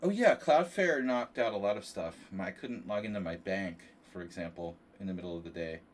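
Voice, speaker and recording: A man's voice: low-pitched, expressive, a little fast, far from the mic. A man with a nasal voice hosting a casual chess livestream, rambling and joking with his chat between moves. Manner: rambling, self-deprecating asides to chat. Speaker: chess streamer hosting a tournament. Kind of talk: casual livestream commentary while playing.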